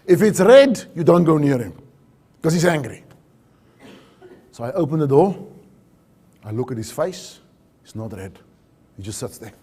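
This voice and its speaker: A man who worked as an HR manager at a mine, telling a story in a vivid way that swings between loud and hushed. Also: on the high side, big pitch swings, a little slow, pauses often, breathy edge. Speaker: former HR manager at a mine, safety speaker. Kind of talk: dramatic storytelling talk.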